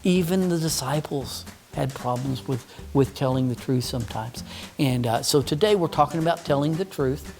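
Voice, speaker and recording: A man's voice: medium pitch, moderate pace, gravelly, music in the background. A man teaching children a Bible story, patient and mock-stern with a puppet that keeps interrupting.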